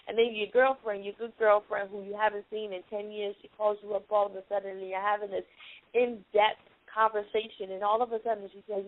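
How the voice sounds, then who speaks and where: A woman's voice: mid-range voice, little pitch movement, brisk. A young adult woman hosting a motivational teleconference, earnest and emphatic, often repeating her key lines. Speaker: teleconference host, life coach. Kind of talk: motivational talk on a conference call. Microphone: phone. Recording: tinny phone line.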